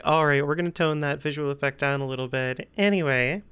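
A woman's voice: deep voice, fairly quick, a bit bright, clean tone. Jittery woman playing a horror game. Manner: jittery, nervous joking, repeats phrases. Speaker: gaming video creator. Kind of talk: horror game let's play commentary.

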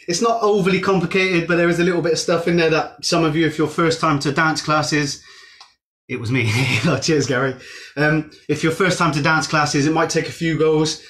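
He's a fitness instructor from Gloucester, England, with a Gloucestershire English accent and a fairly high, fairly bright voice. Leading a dance fitness class over a live stream, he chats cheerfully and welcomes viewers by name.

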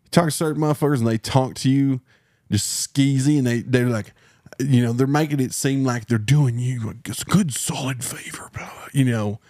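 A man's voice: mid-range voice, fairly even intonation, moderate pace, a little mellow, no room sound. Texan man, podcast host, cussing rant, dry close sound. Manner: profane, heated, mocking impressions. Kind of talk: casual storytelling rant.

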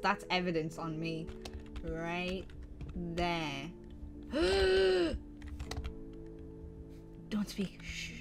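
A woman voicing a sneaky young female student at camp in a game-based roleplay story, excitable and chatty, with gasps and whispered asides. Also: fairly low pitch. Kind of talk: Minecraft roleplay acting.

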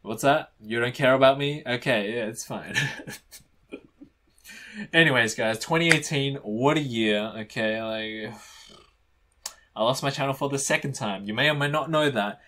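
A man's voice: medium pitch, normal speed, long pauses, a bit bright. A young man hosting a reaction channel, chatting casually to camera and teasing his viewers in a mock-dramatic way. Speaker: YouTube reaction channel host.

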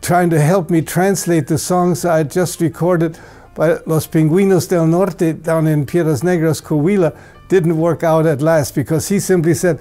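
Older man telling a warm anecdote. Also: a little high, steady tone, moderate pace, faint music behind. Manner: storytelling, chuckling, plain-spoken. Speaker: award presenter. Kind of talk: anecdotal tribute speech.

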